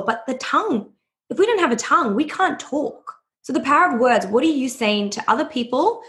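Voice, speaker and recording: A woman's voice: on the high side, fairly bright tone. A young woman hosting a podcast, chatting in a bubbly, storytelling way. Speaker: podcast host. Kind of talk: casual podcast chat. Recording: echoey room.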